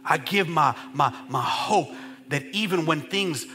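A man pastor preaching a sermon to a congregation. He swings from shouting to hushed tones and calls out to the crowd. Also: fairly high pitch, measured pace. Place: church service. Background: music.

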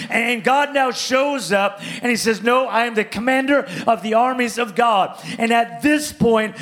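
A middle-aged man preaching a sermon with passion, repeating phrases, swinging between loud declarations and quiet asides. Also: very high voice. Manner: impassioned, repetitive, shifts between shouting and muttered asides.

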